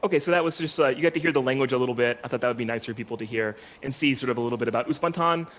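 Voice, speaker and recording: A man's voice: medium pitch, rapid-fire, fairly bright tone. A male linguistics lecturer giving an online talk, explaining step by step with many ums, uhs and restarts.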